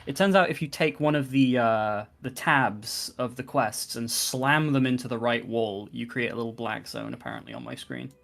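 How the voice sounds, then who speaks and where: Casual, mid-pitched male player. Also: normal speed, vocal fry, few pauses, fairly bright tone, faint music behind. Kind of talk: casual chat at a game table.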